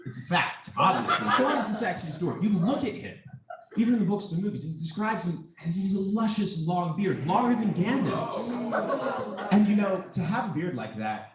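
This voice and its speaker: A man gives a playful, joking impromptu speech. His voice is high and bounces around a lot. He is heard from a distance in an echoey room, with an audience murmuring. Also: sing-song, moderate pace, a loud crowd. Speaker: student speaker.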